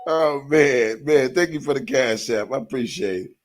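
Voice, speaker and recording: A man's voice: medium pitch, normal speed, soft background music. A man hosting a live stream, talking bluntly to his viewers and swearing heavily. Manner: addresses viewers directly. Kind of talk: profane live-stream rant.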